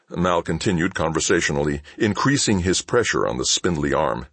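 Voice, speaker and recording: A man narrating an audiobook in a measured, expressive storytelling manner. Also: very deep voice, dry recording.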